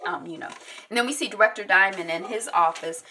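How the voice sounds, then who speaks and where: A woman's voice: medium pitch, fast talker, pushed and bright, a little hiss or hum. A woman giving a casual recap of a TV episode, acting out the characters' lines as she retells each scene. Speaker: TV recap reviewer.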